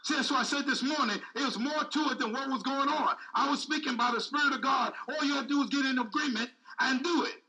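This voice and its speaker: A man's voice: very high-pitched, fast talker, few pauses, sharp tone, distant mic, poor audio. A man preaching a sermon with speech, repeating phrases and calling out to the congregation. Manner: call-and-response preaching, repetitive, emphatic.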